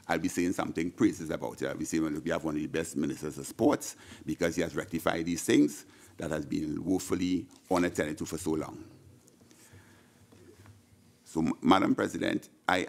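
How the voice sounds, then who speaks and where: A man's voice: sits low, creaky, darkish tone. A middle-aged man from Trinidad and Tobago with a Trinidadian accent, giving an impassioned senate budget speech into a desk microphone, often repeating words and restarting. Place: senate chamber.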